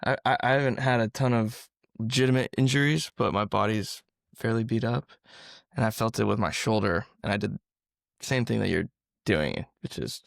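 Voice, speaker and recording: A man's voice: fairly low pitch, normal speed, gravelly, no room sound. A man co-hosting a casual podcast conversation, dropping dry teasing jokes between stretches of plain talk. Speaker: podcast co-host.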